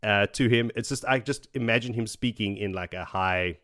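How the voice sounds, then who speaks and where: On his podcast, a host with a lowish, slightly bright voice speaks at a normal pace, going through a fantasy novel one chapter at a time. His recap is relaxed and rambling, with laughter as he performs the characters' dialogue.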